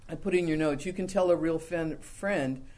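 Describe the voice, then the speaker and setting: Folksy, playful preacher man. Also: moderate pace. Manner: folksy and humorous, acting out quoted lines, dropping soft and low for confessions. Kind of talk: conversational sermon.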